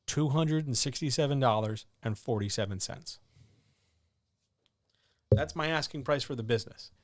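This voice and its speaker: Male livestream host, mid-pitched, blunt and sardonic, dry close mic. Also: dry recording. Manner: blunt, sardonic, animated, with sudden jumps in pitch. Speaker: host of a writing advice livestream. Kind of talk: casual livestream chat answering viewer questions.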